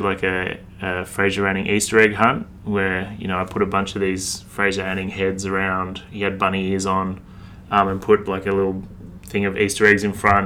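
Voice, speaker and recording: An Australian man in his thirties talks through an interview in a relaxed, rambling way, swearing freely. His voice sits on the low side with a bright, forceful edge. The chat is loose and unhurried. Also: a little hiss or hum. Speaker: street artist, interview guest.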